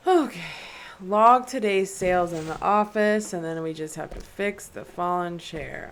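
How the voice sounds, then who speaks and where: A woman's voice: on the low side, normal speed, noisy background. A young woman streaming a horror game, reading in-game text aloud and talking through her fear. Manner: jittery, scared commentary, reads in-game text aloud. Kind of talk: gaming livestream commentary.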